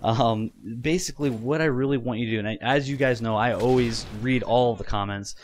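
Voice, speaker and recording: A man's voice: mid-range voice, brisk, a little hiss or hum. A man in his twenties talking casually to viewers in a rambling vlog, with lots of fillers and restarts. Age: 20s. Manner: rambling, many fillers and restarts, laughs often. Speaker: gaming YouTuber. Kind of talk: casual vlog talk over gameplay.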